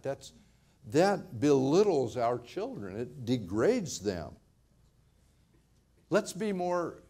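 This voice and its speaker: A man's voice: mid-range voice, mellow. An older man, a pastor, preaching a sermon in a conversational way, often repeating words and laughing lightly.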